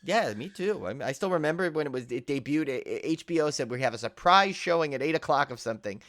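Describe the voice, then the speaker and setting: A middle-aged man co-hosting a podcast in casual chat, rambling and animated, full of fillers and restarts. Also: fairly high pitch, quick pace, no room sound. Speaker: podcast co-host.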